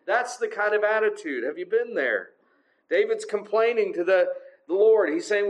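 A man's voice: high-pitched, moderate pace, poor audio. A man preaching a sermon in a conversational way, with frequent filler sounds. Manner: conversational, many filler uhs.

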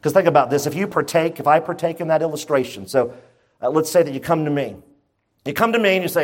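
A man with a fairly high voice preaches to his church. He talks in an emphatic, conversational way and keeps turning to the listeners with rhetorical questions. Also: lively intonation, quick pace, breathy edge. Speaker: pastor. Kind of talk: sermon.

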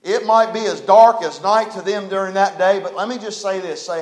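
A pastor preaching a sermon, building to loud emphatic phrases that he draws out slowly. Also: high voice, echoey room. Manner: preaching with rising intensity, drawn-out emphatic phrases.

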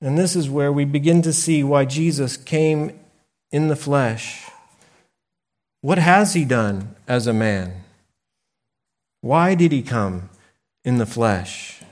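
Slow, deliberate male preacher. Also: medium pitch, darkish tone. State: briefly choked up. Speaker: pastor. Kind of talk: sermon.

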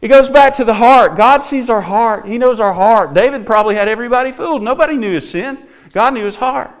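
A man preaching an earnest sermon, moving between emphatic and hushed passages, often restarting words. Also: very high voice, brisk. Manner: sings a few hymn lines.

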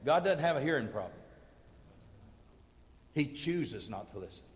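A high-pitched man preaches to his congregation. He drops to near whispers, then climbs to booming peaks. The long reverb of a large sanctuary hangs on his words. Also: normal speed, slight background noise. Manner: animated preaching, swinging from hushed to booming. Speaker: pastor. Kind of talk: sermon. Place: church sanctuary.

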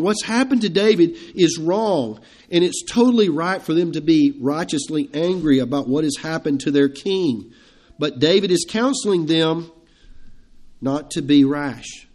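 A man's voice: mid-range voice, darkish tone. A man preaching an evening sermon to his congregation in a conversational, emphatic way. He chuckles between points and asks his listeners questions. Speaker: pastor.

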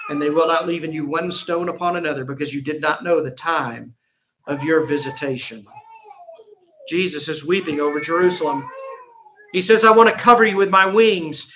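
A man pastor preaching a sermon, with emphatic swings between loud and soft and between slow and quick. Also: high-pitched.

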